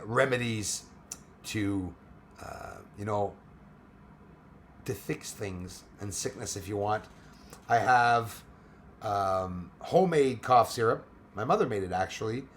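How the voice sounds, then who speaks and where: Livestream host, male, hoarse, rambling casual chat from home. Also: lowish voice, a little hiss or hum. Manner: rambling, many fillers and restarts. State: hoarse, losing his voice. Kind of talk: casual chat reading viewer comments.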